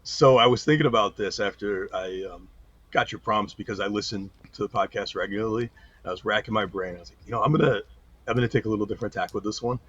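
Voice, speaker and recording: Middle-aged male guest; low, husky, lo-fi; lively storyteller. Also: fast talker. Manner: animated storyteller, acts out quotes. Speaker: retired police chief, guest. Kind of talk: casual storytelling interview. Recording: dull lo-fi sound.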